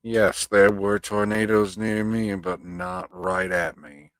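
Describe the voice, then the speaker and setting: A man's voice: lowish voice, level tone, slow, no room sound, low-quality recording. A man hosting a live stream, chatting casually with his viewers and reading their comments aloud, swearing freely and drifting into rambling rants. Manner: profane, rambling, ranting.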